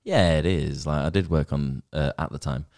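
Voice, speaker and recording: A man's voice: rumbling low, normal speed, creaky, a little mellow, dry recording, studio quality. A young man hosting a casual podcast chat, swearing a lot and rambling in a self-mocking way. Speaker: podcast host.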